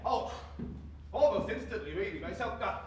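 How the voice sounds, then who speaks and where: A stubborn, chatty man who has moved into a tree and rambles on with his story. The high voice carries from a distance, heavily echoing, with faint outdoor noise behind it. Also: expressive, moderate pace, a little mellow. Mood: storytelling.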